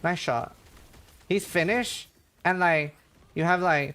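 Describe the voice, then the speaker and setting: A Norwegian game streamer with a light accent chats casually with his viewers, reading chat while he plays. His voice is a little high, bright, and forceful, slow with long pauses. He rambles with lots of fillers and playfully imitates accents.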